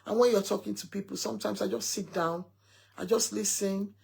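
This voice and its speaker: Husky-voiced woman, mother telling a story to her followers with emphasis, quoting her son. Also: mid-range voice, fairly even intonation, brisk, darkish tone. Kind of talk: casual talk to followers.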